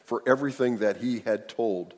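Husky-voiced male preacher in a big hall. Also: mid-range voice, normal speed, darkish tone. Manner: conversational preaching, asks the listeners questions. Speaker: pastor. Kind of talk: sermon. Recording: long reverb of a large hall.

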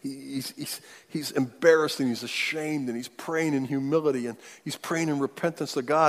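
A man preaching a sermon, moving between loud declarations and hushed near-whispers. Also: mid-range voice, fairly even intonation, moderate pace, long reverb tail. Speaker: pastor.

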